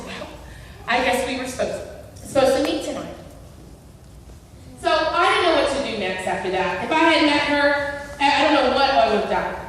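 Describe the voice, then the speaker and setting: High-voiced woman sharing a testimony in an echoey hall. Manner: animated storytelling, acting out quotes. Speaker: guest speaker. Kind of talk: personal testimony at a church event. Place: large indoor event hall. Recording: echoey hall picked up from far off.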